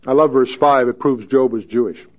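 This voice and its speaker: A man's voice: mid-range voice, steady tone, normal speed. Man, Bible teacher, folksy, joking, verse-by-verse teaching, slightly muffled podcast audio. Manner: folksy and joking, reads scripture with rising emphasis.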